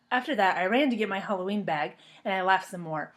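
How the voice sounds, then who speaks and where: A woman with a medium-pitched voice reads a children's storybook aloud quickly, lively and expressive, and afterward talks to the children she's reading for.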